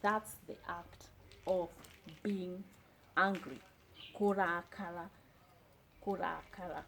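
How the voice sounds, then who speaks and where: A woman from Kenya teaching a slow beginner language lesson, repeating each phrase carefully. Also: fairly low pitch, fairly even intonation, vocal fry, a bit bright, a little hiss or hum, rough recording. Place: indoors during heavy rain. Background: rain.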